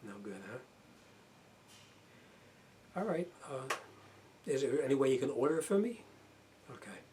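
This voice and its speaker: Plainspoken mechanic in a noisy shop. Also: male voice, medium pitch, big pitch swings, normal speed. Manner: plainspoken, chatty, uses fillers. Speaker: auto mechanic. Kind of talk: casual how-to demonstration. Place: auto repair shop.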